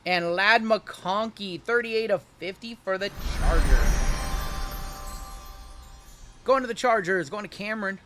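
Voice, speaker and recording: A young man hosting a live-streamed card break, joking and hyping each pull in rapid running banter. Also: high voice, bright, forceful tone, faint music behind.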